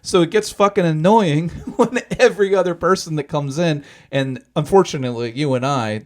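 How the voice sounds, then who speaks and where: A man's voice: fairly high pitch, normal speed. Ranting male podcast co-host. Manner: ranting, swearing, full of fillers. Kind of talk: casual chat.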